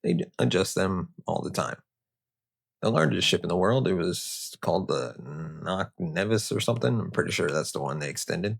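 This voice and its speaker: A man's voice: deep voice, animated, moderate pace, creaky, slightly rough. A man hosting a history podcast, telling the story casually with sarcastic, joking asides. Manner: casual, sarcastic, riffing off-script. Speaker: podcast host.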